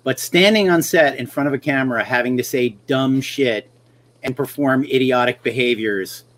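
A man's voice: medium pitch, normal speed, fairly bright tone. Wry middle-aged man telling stories. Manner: wry storyteller who acts out quoted lines. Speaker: podcast host. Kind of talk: casual chat.

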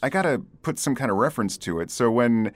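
A man's voice: mid-range voice, quick pace. A man hosting a podcast in casual chat, laughing often and filling with ums and likes. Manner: lively, laughs often, many fillers. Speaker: podcast host.

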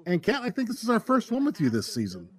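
A man directing a show, hosting a casual commentary with animated, jokey chat. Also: high-pitched, fast talker, husky.

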